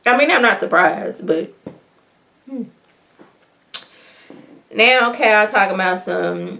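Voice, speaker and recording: An animated woman talks through a TV episode in a loose, folksy way. She keeps jumping into the characters' lines, her voice shooting up high for the reactions. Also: slow, creaky, pauses often. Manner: folksy colloquial talk. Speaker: TV recap vlogger. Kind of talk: casual episode recap.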